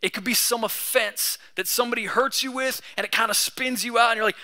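Bright-voiced, casual young man preaching. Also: very high-pitched, fairly even intonation, a little fast. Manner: casual, conversational preaching with slang. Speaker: pastor. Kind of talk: sermon.

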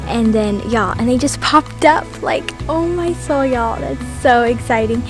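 A woman with a Texan accent chatting excitedly to her camera outdoors on her farm, saying y'all constantly. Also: a little high, measured pace, music in the background. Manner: bubbly, says y'all constantly. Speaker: homestead vlogger. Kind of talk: casual chat to camera.

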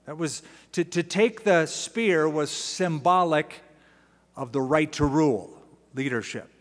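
A male pastor delivering an expository sermon in a slightly raised voice, full of lively asides and acted-out readings. The long reverb of a large church sanctuary trails after each phrase. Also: fairly high pitch, slow pace. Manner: animated storytelling, asides and dramatic readings.

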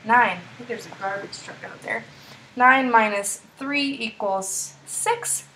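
A young woman teaching third-grade math in a bright, encouraging manner, her voice sitting a little high. She talks each step through aloud as she works problems for kids. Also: slow, a little hiss or hum. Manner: upbeat, encouraging, walks through steps aloud. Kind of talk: screen-recorded math tutorial.

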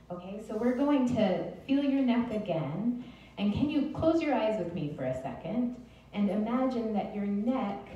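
A woman teaching the Alexander Technique, gently and encouragingly guiding a group through an exercise step by step. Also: medium pitch. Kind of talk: guided group exercise instruction. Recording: roomy distant mic with faint noise.

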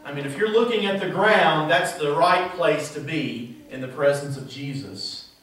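In a church sanctuary, a male pastor preaches and puts rhetorical questions to his congregation, his voice fairly high and fairly bright at a normal speed. The sound is very echoey, picked up from a distance.

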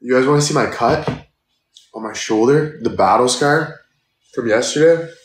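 A man's voice: mid-range voice, normal speed, roomy sound. A young man in his twenties, chatting casually on a live stream and thanking viewers for gifts, tired and sore. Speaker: livestreamer.

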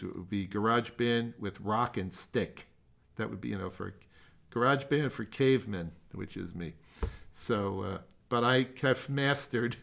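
A man's voice: on the low side, creaky, a bit bright. An older man coaches a student in a masterclass, wandering through his points with stops and restarts. He pokes fun at himself along the way. The sound comes through a video call. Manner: rambling, halting, self-deprecating humor. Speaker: music teacher leading a masterclass. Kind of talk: remote masterclass feedback.

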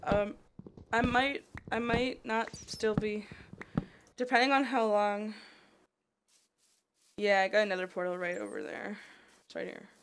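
A rambling, chatty Canadian woman streams a modded block game, dropping "like" into nearly every line. Her medium-pitched voice is steady and unhurried, with frequent pauses, and the noisy home stream carries the sound of mouse clicks.

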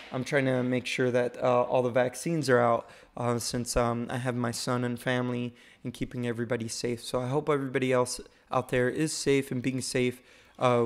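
A man hosting a casual livestream about new home-video releases, rambling and halting with many fillers. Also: mid-range voice, clear, resonant tone. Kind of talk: casual live-stream commentary.

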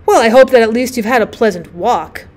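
A woman's voice: fairly high pitch, brisk, a little mellow, close to an everyday voice. A woman reading the lines of a cheerful middle-aged husband who teases and banters. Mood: jovial. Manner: jovial, bantering.

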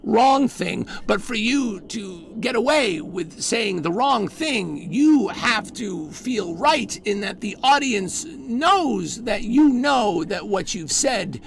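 A man performing a live one-man storytelling show, halting and full of restarts, often dropping into hushed murmurs. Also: high voice, lively intonation, creaky, slight background noise.

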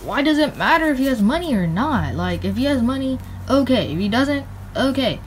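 A woman's voice: sits high, very animated, fairly quick, slight background noise, pitched above the performer's own voice. A woman voicing a laid-back, dismissive plush toy dad in a homemade skit.

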